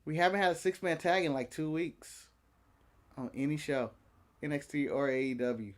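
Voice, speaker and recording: A man with a high voice co-hosts a casual wrestling recap. He jokes and swears freely. Now and then he slips into quick mock voices of the wrestlers. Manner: joking, swears, mimics wrestlers in quick bits. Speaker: podcast co-host.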